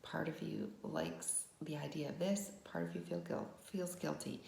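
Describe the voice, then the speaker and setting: Gravelly, low-voiced woman. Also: lively intonation, moderate pace, darkish tone, reverberant, slight background noise. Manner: conversational, with frequent "right?" asides. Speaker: wellness vlogger. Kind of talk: personal story told as a lesson.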